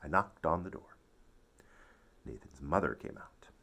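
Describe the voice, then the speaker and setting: A man reading a children's story aloud, expressive and playful. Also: very deep voice, a little slow. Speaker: storybook narrator.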